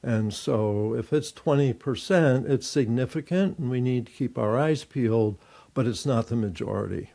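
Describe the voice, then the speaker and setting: An older man, a therapist and author, giving measured, explanatory answers in an interview, thinking aloud as he goes. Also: medium pitch, creaky, warm tone.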